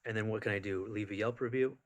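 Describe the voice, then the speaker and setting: A man's voice: fairly low pitch, quick pace. Rambling man telling a story. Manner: rambling, animated, full of fillers. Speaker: vlogger. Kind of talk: casual personal storytelling.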